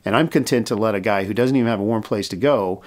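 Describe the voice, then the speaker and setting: A man's voice: on the low side, fast talker, a little mellow. A middle-aged American man, a mission leader, telling a personal story in an interview and acting out the dialogue. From United States. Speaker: mission president, guest.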